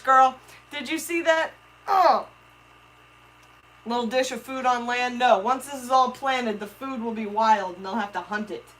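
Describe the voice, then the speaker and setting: An excitable woman hosts a live stream, chatting with her viewers and talking to her fish. Her voice sits a little high. She talks casually and eagerly, as if to friends. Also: low-quality recording.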